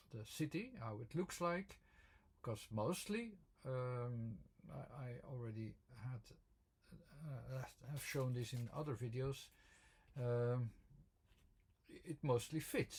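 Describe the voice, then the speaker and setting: Hesitant man with a gravelly, husky voice. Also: medium pitch. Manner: hesitant, many fillers and restarts. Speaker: video presenter explaining his word-form theory. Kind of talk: unscripted explanatory talk.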